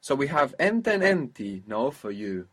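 A man's voice: mid-range voice, sing-song, quick pace, fairly bright tone. A man teaching a spoken language lesson, patiently coaching pronunciation step by step.

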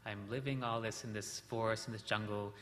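A remorseful young prince, put on by a male teacher, who questions himself and pleads for forgiveness. The voice is lowish and bright, and it sits in a long hall reverb. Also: fairly even intonation, a little fast, a little hiss or hum, natural voice. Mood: pleading.

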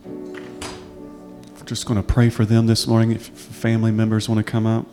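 A man serving as pastor, gently inviting the congregation up and leading a repetitive, earnest prayer. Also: lowish voice, completely flat delivery, moderate pace, faint music behind.

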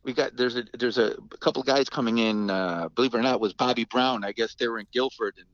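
A man, a musician guest, telling stories in a rambling, animated way, full of restarts. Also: mid-range voice, quick pace, no echo, muffled recording. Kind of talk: casual storytelling interview.

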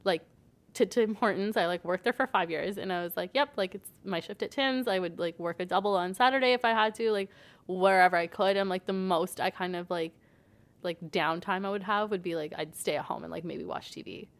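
A woman's voice: lowish voice, brisk. Young woman from Canada, chatty guest who relays stories through acted dialogue. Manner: chatty, says "like" constantly, acts out quoted dialogue. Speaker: podcast guest. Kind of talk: casual storytelling chat.

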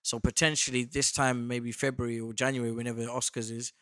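A man's voice: mid-range voice, fast talker, no room sound, studio quality. A British man, an actor guest, telling stories in casual chat and acting out quotes. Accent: British English. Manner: animated storytelling, acts out quotes.

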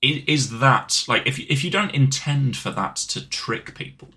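A man's voice: mid-range voice, unhurried. A man co-hosting a podcast, joking and talking over his co-host in casual chat. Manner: animated, jokey, talks over co-host.

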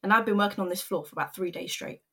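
A woman's voice: medium pitch, racing, pushed and bright, slightly rough. A young woman, earnestly retelling a hard personal story in a vlog. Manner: candid, earnest, emotional retelling with quoted voices.

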